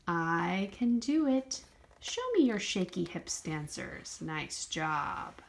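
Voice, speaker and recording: Lady teacher reading a kids' book out loud, bouncy and sing-song, takes it slow and high. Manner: lively sing-song storybook reading, encouraging prompts. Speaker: dance teacher. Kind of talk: children's movement lesson with read-aloud.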